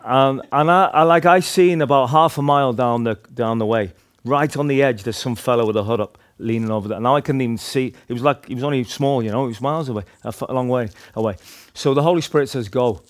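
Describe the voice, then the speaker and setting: A man's voice: mid-range voice, fast, few pauses. A man with a Northern Irish accent tells a personal faith story to a group in a chatty, rambling way, full of restarts and "like". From Northern Ireland. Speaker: speaker sharing a testimony.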